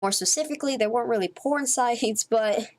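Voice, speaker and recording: A woman's voice: on the high side, a little fast. A woman vlogger telling a rambling, profane story in a casual monologue, full of swearing, fillers and restarts.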